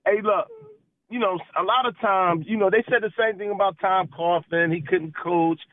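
A man's voice: high voice, steady tone, moderate pace, no room sound. A man calling into a sports radio show, trash-talking in a loose drawling way. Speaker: caller. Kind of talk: call-in sports banter. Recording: tinny phone line.

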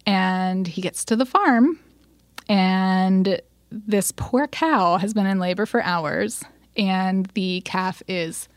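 This podcast co-host speaks at medium pitch and takes her time, in a dry recording of studio quality. Chatting casually, she gives an animated retelling of a story, acting out quoted voices and using plenty of fillers.

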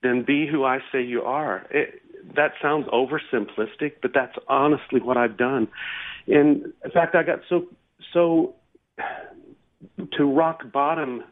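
A man giving an earnest, preacherly personal testimony as an interview guest. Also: on the high side. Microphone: telephone. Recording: tinny phone line.

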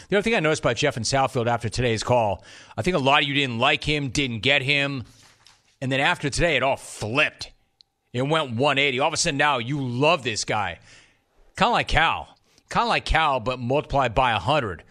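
A man's voice: medium pitch, fairly quick, bright, forceful tone. A man hosting a talk radio show, chatting wryly and reading listener messages. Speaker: radio sports talk host.

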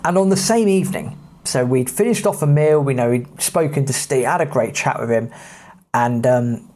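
A man's voice: mid-range voice, moderate pace, darkish tone. A man from England with an English accent, a podcast host telling travel anecdotes in a chatty way with plenty of fillers. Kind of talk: casual travel storytelling.

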